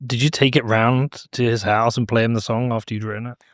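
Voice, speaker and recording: A man's voice: mid-range voice, fairly even intonation, fast, dry recording, clean studio sound. Man host asking short questions. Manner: brief, curious follow-up questions. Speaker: podcast host. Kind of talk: interview questions.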